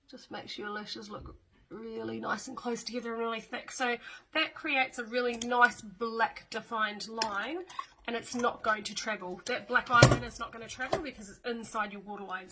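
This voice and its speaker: A woman's voice: mid-range voice, pushed and bright, low-quality recording. A middle-aged woman, chatting casually through a step-by-step makeup demo with fillers and small asides. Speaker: makeup tutorial host.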